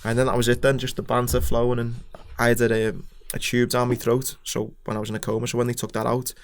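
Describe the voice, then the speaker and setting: A man's voice: medium pitch, monotone, fast. A man with a Scouse accent, a podcast guest talking frankly and casually, with some swearing and restarts. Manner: frank, sweary, plain-spoken, hesitant restarts. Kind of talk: casual chat.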